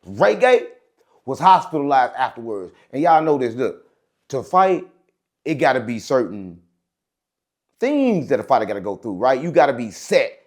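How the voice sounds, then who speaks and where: A man's voice: mid-range voice, moderate pace. A man hosting his own show, telling a rambling story in a casual monologue and checking in with his audience as he goes. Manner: rambling, repeats "right?" and "gang", animated. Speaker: show host.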